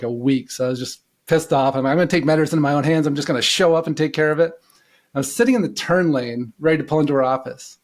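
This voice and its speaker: This is a middle-aged man from the United States, a guest on a podcast, recounting his journey in a casual, meandering way. His voice sits a little high for a man. He leans on "you know" and "like" as he goes. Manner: relaxed and rambling, many "you know" fillers. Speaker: podcast guest, intuitive coach. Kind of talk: casual storytelling in an interview.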